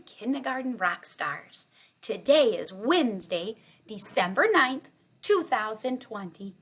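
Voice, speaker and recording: Slow sing-song kindergarten teacher woman. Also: a little high, husky. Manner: cheerful, slow and sing-song, sounding out letters. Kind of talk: online morning lesson for young children.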